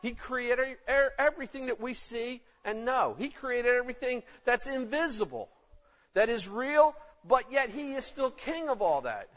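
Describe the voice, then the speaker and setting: High-voiced emphatic preacher. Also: male voice, lively intonation, normal speed, fairly bright tone. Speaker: pastor. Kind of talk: sermon. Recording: dull lo-fi recording.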